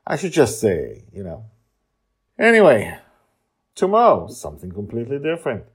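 A man's voice: medium pitch, wildly swooping pitch, normal speed, breathy edge. A man hosting a podcast and reading his own fantasy story aloud in a playful, theatrical way, with sing-song interjections.

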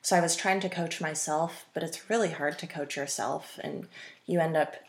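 Speaking at a normal pace in a low register, this twenty-something woman appears as a runner guest on a podcast. Her casual interview chat wanders, full of ums and false starts.

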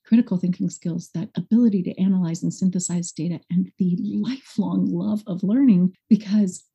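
A woman's voice: on the low side, normal speed, vocal fry, husky. A woman school director as a podcast guest, talking expressively and acting out quotes in a conversational interview. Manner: expressive, animated, acts out quotes.

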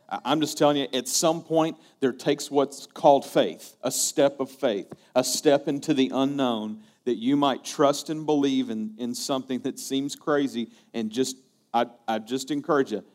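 A man's voice: mid-range voice, darkish tone. A male pastor preaching a sermon, telling a story earnestly and often repeating his words.

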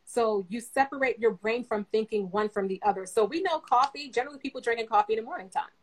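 A young adult woman guest speaking as a therapist, giving advice in a relaxed, conversational way with many fillers. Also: fairly high pitch, fast talker, low-quality recording. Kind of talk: casual advice chat.

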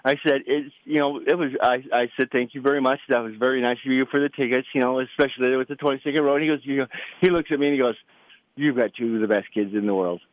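A man's voice: mid-range voice, quick pace, dry recording. Father telling a story, lo-fi. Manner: animated, acts out quoted voices, many restarts. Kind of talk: casual storytelling.

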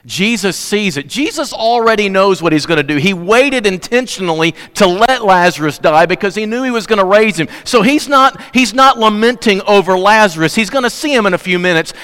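A male pastor preaching a sermon in a church, swinging between loud emphatic peaks and hushed, quiet lows. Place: church sanctuary. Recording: long hall reverb.

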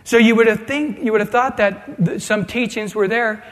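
Male pastor, higher voice, teaching from scripture with dry asides; long church reverb. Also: normal speed, fairly bright tone. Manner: reads scripture aloud then explains it conversationally. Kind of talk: expository sermon.

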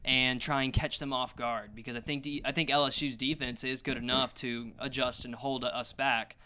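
A man's voice: medium pitch, little pitch movement, moderate pace, bright, forceful tone. A man talking on a casual sports podcast, eager and upbeat about his team's chances. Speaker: podcast co-host, team fan.

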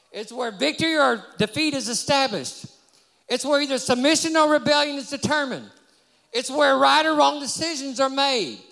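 High-voiced, gravelly shouting preacher. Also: male voice. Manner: shouting call-and-response with the congregation. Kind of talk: fiery sermon. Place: church service before a congregation. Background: congregation.

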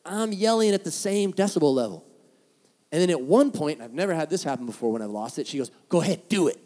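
A man preaching from the pulpit, his voice sitting a little on the higher side for a man. He tells stories with real animation, swinging between soft, tender lines and sudden loud bursts as he acts out the people he quotes. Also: animated, fast. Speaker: pastor. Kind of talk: sermon.

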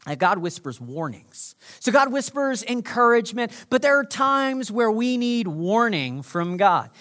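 A man preaching a sermon as pastor, swinging between loud emphasis and hushed, intimate delivery. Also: high-pitched.

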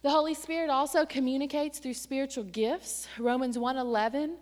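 A woman with a somewhat high voice preaches a sermon, telling her story in a lively, conversational way. Her voice swings up in pitch and loudness at emotional moments. The sound rings with the long reverb of a church sanctuary. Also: brisk, slight background noise. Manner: animated, conversational storytelling with sudden rises in pitch and volume. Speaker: church staff member and preacher.

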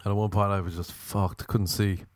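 A man's voice: low voice, flat delivery, moderate pace, a little mellow, no room sound. A man doing a stand-up comedy monologue, rambling and self-mocking with crude jokes.

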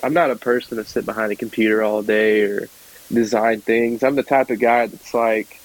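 A young man from the American South, a podcast guest telling a story in a relaxed chatty way and laughing often. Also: lowish voice, moderate pace, rough recording. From South Georgia, United States. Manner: chatty, laughs often, acts out voices in his stories. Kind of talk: casual storytelling.

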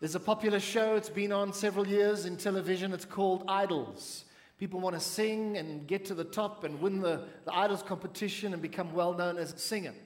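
A man preaching a sermon to a congregation, speaking in measured phrases and asking the audience to respond. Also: high voice, reverberant, long reverb tail. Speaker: pastor.

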